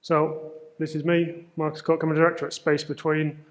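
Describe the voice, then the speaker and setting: A man with a northern English Manchester accent presents at a conference. His voice sits a little high, and he talks casually with plenty of ums and self-deprecating asides. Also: completely flat delivery, moderate pace. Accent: Mancunian English. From Manchester, northern England. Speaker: conference speaker. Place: conference stage.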